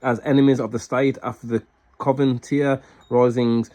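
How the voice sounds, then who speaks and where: Guy hyped up reading old books out loud, says man every line, mellow dark voice. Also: medium pitch, normal speed. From Scotland. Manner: excitable, peppers sentences with "man". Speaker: book reviewer. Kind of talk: casual video talk reading from books.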